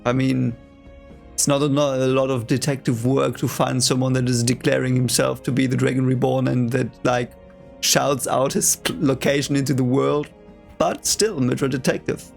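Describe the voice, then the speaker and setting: A gravelly-voiced man chatting about a book. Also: mid-range voice, flat delivery, moderate pace, faint music behind. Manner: chatty, laughing asides and playful commentary. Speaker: reader reacting to a novel. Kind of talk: casual reading reaction.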